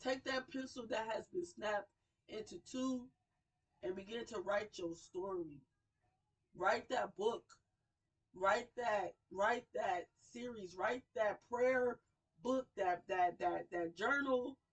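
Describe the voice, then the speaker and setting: Slow, impassioned woman preaching from afar. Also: mid-range voice, breathy edge, distant mic, rough recording. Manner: emotional, repetitive preaching cadence, swells and drops in volume. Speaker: radio show host. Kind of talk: impassioned sermon-style talk.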